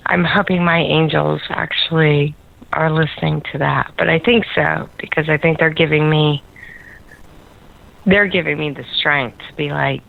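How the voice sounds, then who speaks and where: A woman's voice: low voice, fairly even intonation, normal speed, creaky. A woman calling in to a radio show, talking in a rambling, hesitant way and laughing often. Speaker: caller. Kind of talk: call-in radio chat. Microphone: telephone. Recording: tinny phone line.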